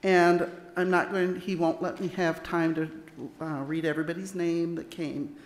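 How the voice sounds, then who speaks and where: A woman's voice: lowish voice, level tone, normal speed. A woman thanking camp volunteers at a church meeting, chatty and plainspoken. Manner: chatty, self-deprecating, plainspoken. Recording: echoey hall with long reverb.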